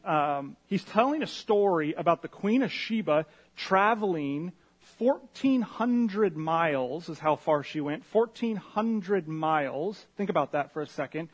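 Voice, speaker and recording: Husky, high-voiced man preaching casually. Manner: conversational, animated retelling with asides. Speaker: pastor. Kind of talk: casual sermon.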